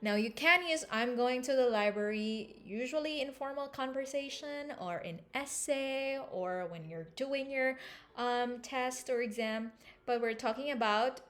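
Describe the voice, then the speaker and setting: A woman's voice: a little high, normal speed, fairly bright tone. A woman teaching an English lesson, explaining and repeating phrases to show intonation. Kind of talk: language lesson.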